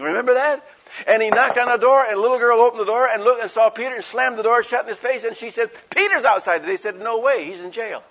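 Man preaching, high voice, husky tone, folksy rhetorical questions, dull lo-fi recording. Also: fairly bright tone. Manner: folksy, conversational, rhetorical questions, acts out quotes. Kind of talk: sermon.

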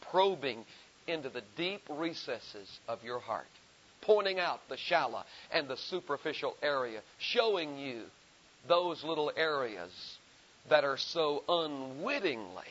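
A man preaching a sermon, building emphasis through repeated phrases and reading scripture slowly and deliberately. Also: mid-range voice, a bit bright. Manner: rhetorical repetition, emphatic rising delivery. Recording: dull lo-fi sermon recording.

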